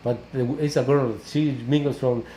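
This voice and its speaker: A man hosts a relaxed parish interview, tossing in little tag questions as he talks. His voice is mellow and dark. The room rings with echo, and a faint noise sits underneath. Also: mid-range voice, normal speed. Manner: switches between English and Spanish, tag questions. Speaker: parish priest and host. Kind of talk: casual bilingual interview.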